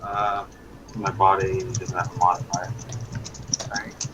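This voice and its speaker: A man's voice: low-pitched, monotone, takes it slowly, background noise. A man playing a tabletop game, talking in a casual and offhand way. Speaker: player. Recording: dull lo-fi mic.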